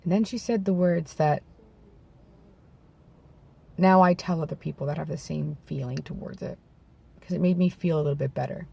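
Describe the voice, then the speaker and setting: Gravelly, hoarse man talking earnestly. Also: a little high, a little mellow. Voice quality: gravelly, slightly worn voice from vocal nodes. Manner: reflective and halting, with restarts and self-corrections. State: hoarse from throat clearing. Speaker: vlogger. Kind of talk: candid personal talk to camera. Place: outdoors in bright daylight.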